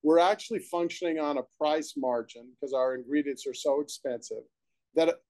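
A man's voice: on the high side, normal speed, darkish tone, dry recording. A man being interviewed as a guest, the founder of a supplement company, telling his story in a rambling, enthusiastic way from his room at home. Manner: rambling, enthusiastic, with restarts and asides.

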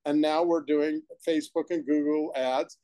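An enthusiastic man rambles through his story as an interview guest, full of restarts and asides. His voice is fairly high and has a mellow tone. The sound is close and dry, with little room echo. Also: fairly even intonation, moderate pace. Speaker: supplement company founder, guest. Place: his own room at home.

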